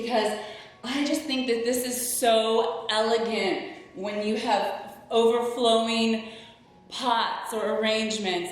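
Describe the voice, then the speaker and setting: A woman chatting upbeat to her viewers as she decorates her home, talking them through each step. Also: medium pitch. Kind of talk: casual decorating tutorial narration. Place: her home living room. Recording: very echoey room with soft background music.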